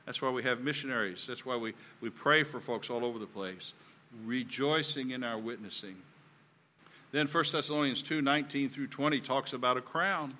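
A man's voice: medium pitch, sharp tone, a little hiss or hum. A man with a Southern US accent preaching a sermon in an earnest, folksy way that builds in emphasis.

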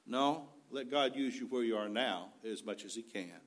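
A man's voice: mid-range voice, moderate pace, few pauses, a bit bright. A man preaching a sermon in an earnest, folksy way, weaving in scripture.

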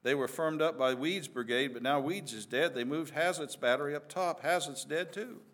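A man's voice: a little high, normal speed, a bit bright, close to an everyday voice. A man voicing a breathless young male messenger who delivers his report hurriedly.

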